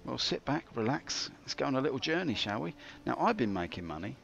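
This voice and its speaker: A man streaming a game, telling theatrical, jokey stories with big swings in pitch. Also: sing-song, a little fast, vocal fry, fairly bright tone, lo-fi sound. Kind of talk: rambling live-stream commentary.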